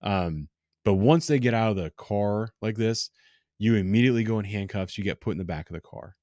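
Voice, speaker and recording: A man in his thirties, a police officer, giving frank, exasperated commentary on a live stream with many pauses and fillers. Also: lowish voice, warm tone, no room sound, clean studio sound. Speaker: police officer reacting to bodycam footage.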